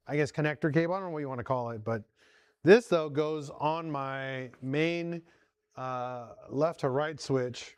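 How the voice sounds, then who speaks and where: A man's voice: a little high, clear, resonant tone, dry recording. A man hosting a casual workshop vlog from his home garage shop, talking viewers through each step as he works. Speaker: host.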